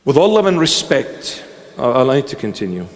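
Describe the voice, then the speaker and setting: A man's voice: mid-range voice, big pitch swings, normal speed, in a large hall. A man preaching a sermon, emphatic and repetitive, firing rhetorical questions at his listeners.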